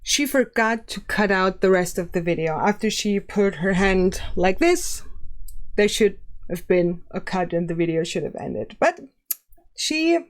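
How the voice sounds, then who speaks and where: A woman commenting on camera in a casual, measured tone, at an ordinary middle pitch. She speaks plainly and evenly as she critiques. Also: expressive. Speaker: commentary YouTuber.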